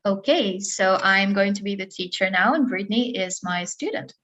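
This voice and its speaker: A woman teacher demonstrating a lesson in a webinar, patient and encouraging, speaking with clear enunciation. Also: medium pitch, normal speed, sharp tone, slight background noise. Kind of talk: webinar role-play demonstration.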